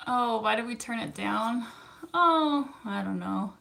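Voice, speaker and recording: A woman's voice: fairly high pitch, lively intonation, takes it slowly, vocal fry, sharp tone. A Canadian woman in her thirties, a therapist, chatting casually with viewers in a giggly, chatty way. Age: 30s. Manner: giggly and chatty, with frequent fillers. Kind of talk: casual live-stream chat answering viewer comments.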